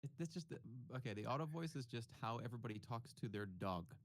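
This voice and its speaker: A man's voice: medium pitch, animated, quick pace, no echo. A man who is a guest on a live stream, joking around and tripping over his words. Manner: joking, stammers and repeats words. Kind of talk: casual chat.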